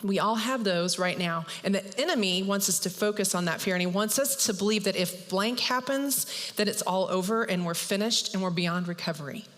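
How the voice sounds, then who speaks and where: A woman pastor retelling a Bible story in a lively, chatty sermon. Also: medium pitch, moderate pace, few pauses. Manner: lively, chatty, acts out characters. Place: church. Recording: long hall reverb.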